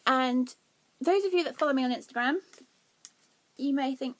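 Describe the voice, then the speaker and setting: An excitable young woman with a fairly high voice chats casually on her knitting vlog. She giggles and pokes fun at herself as she talks through her yarn finds. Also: moderate pace, pauses often. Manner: excitable, giggly, self-deprecating. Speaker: knitting podcast host.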